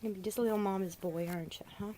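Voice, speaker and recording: A woman filming her puppies at home on a handheld camera, coaxing them in high sing-song baby talk. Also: fairly even intonation, very fast, warm tone, a little hiss or hum. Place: indoors at home.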